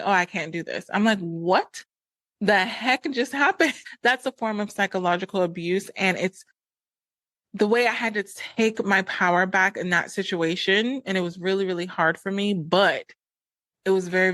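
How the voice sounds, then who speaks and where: A woman's voice: lowish voice, fairly bright tone, dry recording. A woman psychologist hosting a podcast, speaking candidly about her own experience and animatedly acting out what she and others said. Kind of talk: personal storytelling advice.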